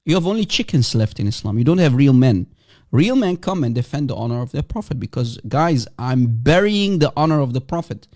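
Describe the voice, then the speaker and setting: A man's voice: medium pitch, sing-song, brisk, a little mellow. A man hosting a casual livestream, mocking and provocative, teasing and repeating himself as he calls for guests. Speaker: livestream host.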